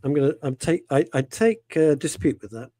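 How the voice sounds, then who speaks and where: A man's voice: on the high side, lively intonation, a little fast, mellow, no room sound. Passionate man hosting radio. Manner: passionate, emphatic opinions with repetitions. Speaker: radio show host. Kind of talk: casual talk radio chat.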